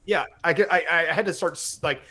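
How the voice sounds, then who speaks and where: A middle-aged man hosts a loose live-stream chat, his speaking voice sitting a bit high. He rambles, starts over often and works himself up, with casual swearing. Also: fairly quick, crowd noise. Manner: rambling, excitable, many restarts, swears.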